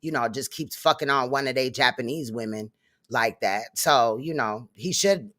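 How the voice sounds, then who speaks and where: A woman's voice: very deep voice, moderate pace, a bit bright. A woman hosting reaction commentary, scornful and mocking. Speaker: commentary host.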